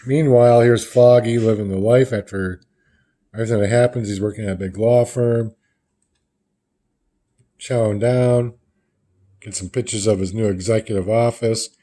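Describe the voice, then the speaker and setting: Man, comic book reviewer, low voice, mellow tone, loose rambling recap. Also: fairly even intonation, normal speed, pauses often.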